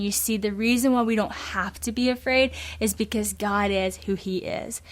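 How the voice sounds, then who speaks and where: A young woman with a lilt talks through a Bible verse in an earnest, conversational way. Her voice sits at an ordinary middle pitch, recorded close to the mic. She sounds like she is confiding in friends. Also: fairly even intonation, moderate pace, few pauses. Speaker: devotional speaker. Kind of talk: casual devotional talk.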